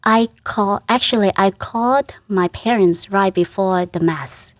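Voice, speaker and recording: Slow, earnest woman. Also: mid-range voice, no room sound. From Vietnam. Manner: halting, earnest, laughs softly between phrases. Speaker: Catholic sister, interview guest. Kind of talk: casual interview.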